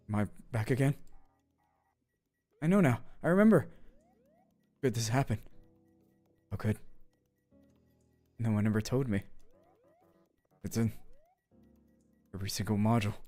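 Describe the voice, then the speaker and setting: A man voicing a confused, frightened android patient in a game, speaking in halting questions. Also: medium pitch, mellow, faint music behind, natural voice. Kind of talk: game voice acting.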